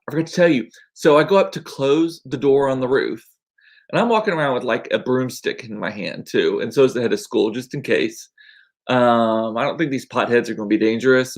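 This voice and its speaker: A man, chatting casually and rambling in a home vlog, chatty and self-deprecating. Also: mid-range voice. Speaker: vlogger. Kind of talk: casual chat.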